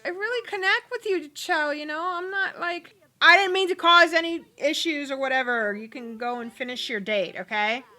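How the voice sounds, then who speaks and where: A woman's voice: high-pitched, moderate pace, hardly any pauses, pushed and bright, pitched above the performer's own voice. A woman voicing a flustered young woman in a life-sim game who talks hesitantly and apologetically. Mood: apologetic.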